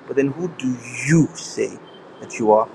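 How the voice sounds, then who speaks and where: A middle-aged Nigerian man with a Nigerian accent, preaching a sermon as pastor, animated and slipping into pidgin with frequent laughter. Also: medium pitch, unhurried, gravelly, background noise.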